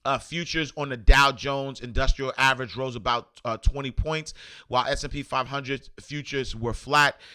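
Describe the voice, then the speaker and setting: A man hosting a casual news commentary show, rambling with many fillers and getting animated when indignant. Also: mid-range voice, moderate pace, smooth. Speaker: host.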